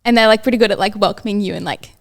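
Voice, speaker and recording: A woman's voice: medium pitch, rapid-fire, gravelly. A young Australian woman in her twenties, a podcast guest telling stories in a chatty way and saying "like" all the time. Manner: chatty storyteller, says "like" constantly. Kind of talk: casual chat. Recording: audio-only podcast.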